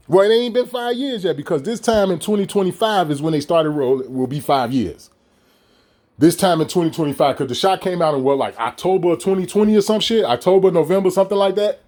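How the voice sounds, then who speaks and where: A man with a fairly high-pitched voice rants in a heated, profane monologue aimed straight at his audience. He keeps mocking the people he argues against and firing off rhetorical questions. The talk is loose and spoken off the cuff. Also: a little mellow. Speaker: vlogger ranting to his audience.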